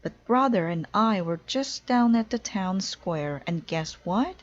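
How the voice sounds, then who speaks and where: A woman voicing an eager little girl bear cub who is excited and out of breath in a read-aloud storybook. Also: unhurried, dull audio, lightly acted. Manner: breathless, eager, high-pitched.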